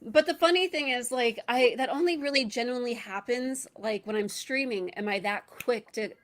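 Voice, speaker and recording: A woman's voice: on the high side, moderate pace, a bit bright. A woman guest streamer in casual chat, teasing playfully and laughing often.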